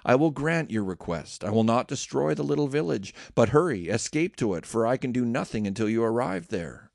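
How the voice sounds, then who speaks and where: A man's voice: mid-range voice, lively intonation, brisk, vocal fry, a little mellow, no echo, studio quality. A man voicing stern angelic messengers who give urgent orders. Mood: commanding. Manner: commanding, urgent.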